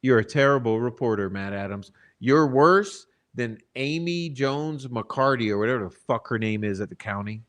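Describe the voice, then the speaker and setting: A man's voice: mid-range voice, moderate pace, hardly any pauses, a bit bright. A man hosting a true-crime channel, delivering blunt, profane, exasperated commentary straight to his viewers. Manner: addresses the chat directly. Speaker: channel host.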